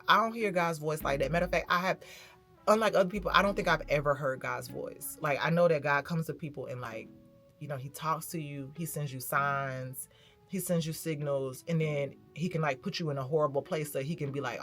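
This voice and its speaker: A woman's voice: deep voice, fairly quick, fairly bright tone, faint music behind. A woman vlogging in a candid, reflective way, telling a personal story and talking straight to her viewers. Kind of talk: candid casual vlog talk.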